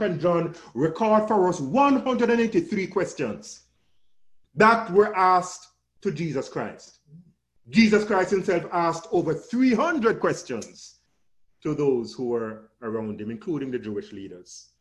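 A man preaching a sermon with an emphatic, rising and falling cadence, calling listeners his friend. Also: a little high.

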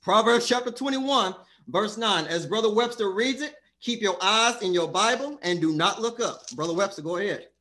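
A man's voice: high-pitched, moderate pace, hardly any pauses, bright, forceful tone. A man preaching a sermon, emphatic and repetitive, speaking directly to the congregation.

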